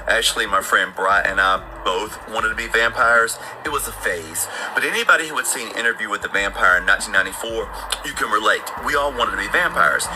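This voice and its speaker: A middle-aged man telling a long personal story in a casual, animated way. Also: lowish voice. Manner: animated, acts out voices in his story. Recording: noisy background ambience.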